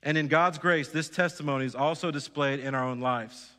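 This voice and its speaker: A male pastor delivers a sermon with a bright, forceful voice pitched a little high. He is earnest, repeating phrases and asking his congregation direct questions. The sound rings with the long reverb of a church hall. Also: fairly quick. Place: church sanctuary.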